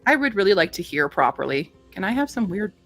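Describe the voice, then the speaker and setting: A woman's voice: mid-range voice, sing-song, fast talker, a bit bright, faint music behind. A stuffy-nosed woman hosting a book video, reading blurbs and chatting casually, joking and swearing freely.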